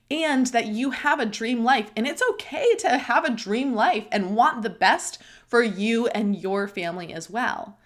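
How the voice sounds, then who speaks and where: A woman's voice: mid-range voice, a bit bright. A young adult woman hosting a podcast, talking openly and emotionally in a chatty way with many fillers, close to the mic. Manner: emotional, tearful, speaks openly. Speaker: podcast host. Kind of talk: candid personal podcast monologue.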